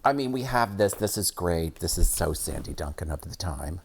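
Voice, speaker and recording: Woman host with an extremely deep voice, chatty, laughs a lot. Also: lively intonation, moderate pace, a little hiss or hum. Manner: chatty, laughs often, reads quotes aloud. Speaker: talk show host. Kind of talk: casual interview chat.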